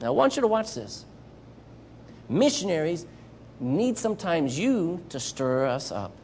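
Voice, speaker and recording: A man's voice: a little high, unhurried, slight background noise. A man with a Southern US accent preaching a sermon as a missionary, acting out Bible characters as he goes. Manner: animated, acts out Bible characters.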